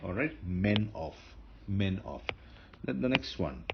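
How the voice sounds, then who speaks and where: A man's voice: low-pitched, lively intonation, slow pace, vocal fry. A man teaching a grammar lesson, explaining step by step with fillers and self-corrections. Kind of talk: lecture. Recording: dull lo-fi lecture recording with faint noise.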